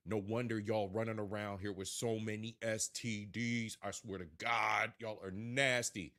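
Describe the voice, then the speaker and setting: Reaction host, male, slightly low voice, dry studio sound, swears and preaches. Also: unhurried, hardly any pauses, no room sound. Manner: animated, preachy, swears, addresses viewers directly. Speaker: reaction commentator. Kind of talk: casual profane reaction commentary.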